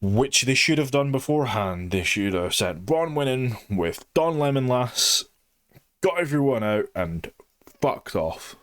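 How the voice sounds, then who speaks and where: A man's voice: medium pitch, expressive, a little slow, a bit bright, dry recording, clean studio sound. A young man giving a blunt, sarcastic and sweary review of a TV show in a casual, opinionated way.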